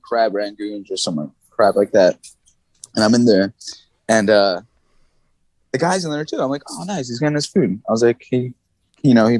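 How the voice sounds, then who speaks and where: A man as a podcast guest, telling stories in casual chat, animated, laughing and swearing as he goes. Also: medium pitch, no room sound. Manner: animated, swings his voice up and down, laughs and swears often.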